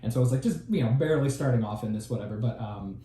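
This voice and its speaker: A man in his thirties co-hosting a podcast, an animated storyteller who laughs often. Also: mid-range voice, rapid-fire. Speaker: podcast co-host. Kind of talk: casual podcast chat. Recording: very echoey room.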